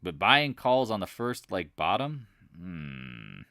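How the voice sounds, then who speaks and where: A man's voice: sits low, big pitch swings, takes it slowly, pushed and bright, no echo, clean studio sound. A man hosting a live market chat, talking in a loose, rambling way and often restarting his sentences. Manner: rambling, conversational, restarts and repeats himself.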